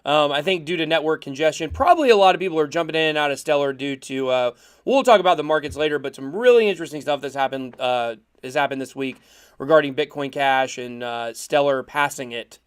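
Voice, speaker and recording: Excitable high-voiced podcast co-host. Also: male voice, fast, smooth. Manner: animated, laughs often, trips on words. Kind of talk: casual podcast chat.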